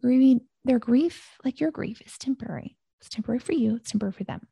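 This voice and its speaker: A woman hosting a solo podcast, giving a gentle, reassuring teaching talk that repeats calming phrases. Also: a little high, quick pace, vocal fry, slightly rough, no echo. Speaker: podcast host.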